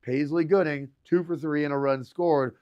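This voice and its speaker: A man co-hosting a local sports radio show, excitable, reeling off stats. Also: fairly high pitch, moderate pace, highs cut off, a little hiss or hum. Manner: excitable, hypes teams, rattles off stats. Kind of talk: casual sports talk radio.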